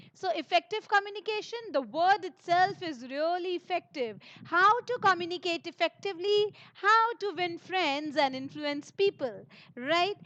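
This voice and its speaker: High-voiced upbeat teacher woman. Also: fairly bright tone, no echo. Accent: Indian English. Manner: upbeat, encouraging, addresses students directly. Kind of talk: online lesson for students. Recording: dull lo-fi recording.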